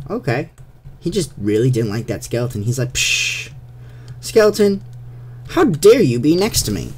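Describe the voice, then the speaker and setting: Speaking into a desktop USB microphone, this young man keeps up a chatty, playful running commentary on his game and addresses the monsters directly. The voice sits mid-range with a darkish tone, and there's a bit of hiss or hum.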